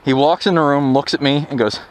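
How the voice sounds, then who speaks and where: A man's voice: on the high side, fairly even intonation, a little fast. A young man telling a personal story in a casual, candid, wry way while out on a motorcycle ride. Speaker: motovlogger. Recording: noisy outdoor wind and vehicle noise.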